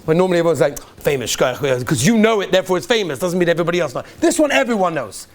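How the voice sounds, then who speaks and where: Animated rabbi telling parables. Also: male voice, racing. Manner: storytelling, acts out characters with big pitch swings; sprinkles Yiddish and Hebrew words. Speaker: rabbi giving a welcome talk. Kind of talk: yeshiva talk with parables. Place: yeshiva hall.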